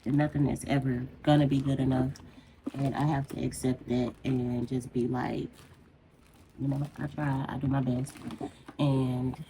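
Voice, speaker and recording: A woman's voice: extremely low pitch, little pitch movement, a little slow, noisy background. A woman beauty vlogger talking casually and heartfelt as she rambles through a personal story while doing her makeup.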